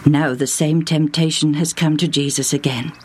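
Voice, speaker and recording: A woman narrating a Bible story as a storyteller, gentle and expressive, asking the listener questions along the way. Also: low voice, moderate pace, slight background noise. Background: music.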